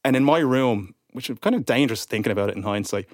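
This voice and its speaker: A man with an Irish accent, a podcast guest telling lively anecdotes in casual chat and acting out other people's voices. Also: medium pitch, quick pace, dry recording, studio quality. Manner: animated storyteller, acts out voices.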